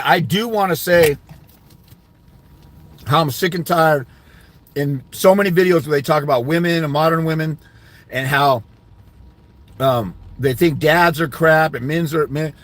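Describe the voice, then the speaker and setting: A man's voice: on the high side, dry recording. A man giving fathers' rights custody advice, ranting indignantly during a livestream while answering comments.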